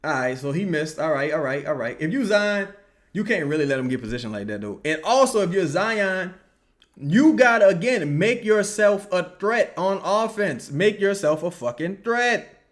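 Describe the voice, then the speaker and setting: A young man giving casual, profane live reaction commentary on a basketball game, answering viewer questions and yelling at plays. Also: sits high, normal speed. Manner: profane, animated, yells at plays. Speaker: live game watch-along streamer.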